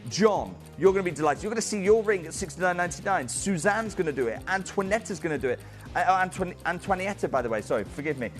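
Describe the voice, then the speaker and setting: A man's voice: sits high, animated, quick pace, faint music behind. A man presenting a live shopping channel sale, urgent and persuasive, calling out viewers by name. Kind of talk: fast live sales pitch. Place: TV studio.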